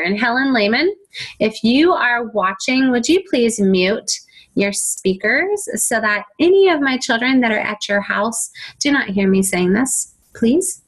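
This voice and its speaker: Woman giving an expressive spiritual talk. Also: on the high side, measured pace, rough recording. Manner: acts out quoted voices and whiny children. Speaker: faith-based self-help teacher.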